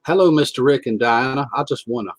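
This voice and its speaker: An easygoing man co-hosting a casual livestream chat, reading viewer comments aloud. His voice is husky and a little breathy, at a middling pitch. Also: fast talker, no echo, poor audio.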